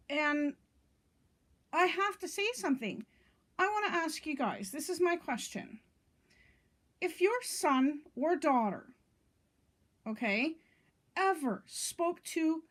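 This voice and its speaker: A middle-aged woman speaks to her viewers in a casual vlog monologue. Her voice sits high for a woman. She sounds indignant and rambles, filling pauses with "um" and checking in with "okay?". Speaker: vlogger.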